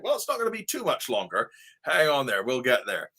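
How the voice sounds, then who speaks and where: A man's voice: medium pitch, wildly swooping pitch, fairly quick, bright, forceful tone, slightly rough. A man from Ohio with a mixed English and Midwestern American accent, chatting casually as a livestream host reading viewer comments, rambling with fillers and the odd swear word. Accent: mixed English RP, Devon and Midwestern American.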